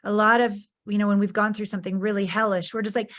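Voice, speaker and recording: A woman's voice: medium pitch, little pitch movement, fast talker, a bit bright. A woman hosting a podcast interview, talking in an encouraging, outspoken and affirming way. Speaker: podcast host. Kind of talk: conversational interview.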